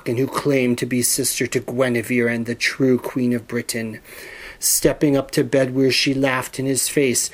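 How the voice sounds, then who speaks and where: A man's voice: mid-range voice, flat delivery, moderate pace. Man reading a storybook aloud. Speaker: narrator. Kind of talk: storybook narration.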